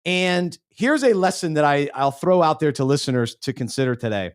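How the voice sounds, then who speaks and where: A man co-hosting a casual podcast, rambling a little and tripping over his words, often dropping low at the ends of lines. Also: lively intonation, moderate pace. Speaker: podcast co-host.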